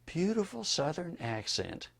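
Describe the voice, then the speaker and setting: An older man from Florida being interviewed for an oral history, telling wry anecdotes in a relaxed storytelling manner. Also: on the high side, unhurried, vocal fry.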